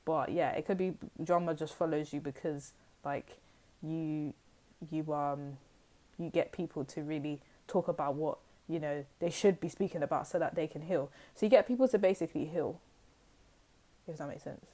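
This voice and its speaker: A woman's voice: deep voice, normal speed, dark tone. A woman giving a casual, rambling tarot reading to her viewers, full of fillers and asides. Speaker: tarot reader.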